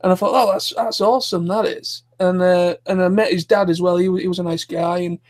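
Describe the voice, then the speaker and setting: A man with a notably high voice chats on a live stream, telling stories in a loose, rambling way full of restarts. He speaks casually and informally. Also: steady tone, fairly quick. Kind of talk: casual chat.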